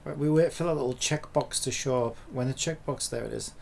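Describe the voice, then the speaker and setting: A man's voice: mid-range voice, fairly quick, gravelly, a little mellow, slight background noise. A man in a casual coding vlog who swears and rants in exasperation at his screen. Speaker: hobby programmer.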